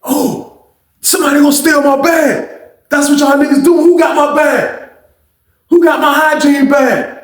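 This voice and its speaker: A man voicing a loud, furious male inmate who shouts and repeats his accusations over and over. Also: extremely high pitch, fairly even intonation, a little slow, long pauses, voice pushed up. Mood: angry shouting. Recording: echoey room.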